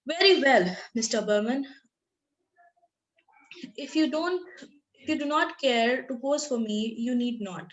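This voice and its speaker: A woman's voice: high voice, a little slow, long pauses, lo-fi sound. A woman reading aloud the lines of a worried young woman artist who defends her sick friend, in an earnest, pleading tone.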